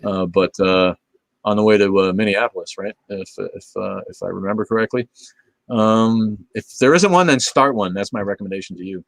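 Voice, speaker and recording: A man in his fifties hosting a casual livestream, rambling and cursing in a laid-back way as he answers viewer comments, often trailing off into low mumbles. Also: fairly even intonation, normal speed, no room sound. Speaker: livestream host.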